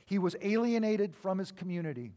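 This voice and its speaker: A middle-aged man with a high voice delivers a sermon. He is animated, jumping from loud, emphatic bursts to hushed, low asides as he tells stories to the congregation. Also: brisk. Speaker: pastor.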